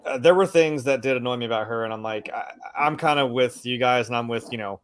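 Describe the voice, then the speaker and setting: A man chatting casually on a film discussion podcast, animated and profane, acting out quotes in mocking voices. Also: mid-range voice, fast talker, smooth. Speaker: podcast co-host.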